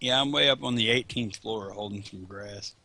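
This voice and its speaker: A man's voice: lowish voice, normal speed, gravelly, pushed and bright, slight background noise. A man chatting casually over a game, joking and swearing as he rambles. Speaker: host. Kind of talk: casual chat over gameplay.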